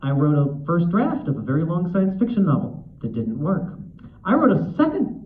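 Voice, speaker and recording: A man's voice: on the high side, wildly swooping pitch, normal speed. A man speaking at a convention panel, chatty and self-deprecating, with frequent fillers and restarts. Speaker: author and convention guest. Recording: tinny echoey hall recording.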